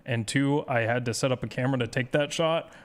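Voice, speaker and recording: A man's voice: mid-range voice, brisk. A man speedrun streamer chatting casually with his viewers, rambling and self-deprecating as he reads chat aloud.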